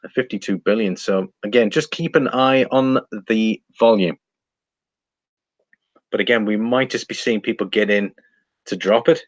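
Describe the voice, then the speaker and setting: A man hosting a live stream, chatting casually and thinking out loud while he reads out figures and viewer comments. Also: lowish voice, moderate pace, pauses often, dry recording, dull audio. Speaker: livestream host reading viewer chat.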